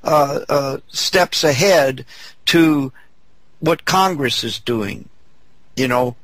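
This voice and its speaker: Slow, hesitant man hosting a talk show. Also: medium pitch, fairly bright tone, no echo. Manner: hesitant, searching for words. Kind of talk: political talk show discussion.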